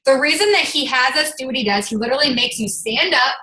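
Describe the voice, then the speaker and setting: A woman coaching her fitness team on a motivational call, with a bright, ringing voice pitched a little high. She talks in an energetic, chatty way, full of "like" and casual swearing. The sound bounces around an echoey room. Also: brisk.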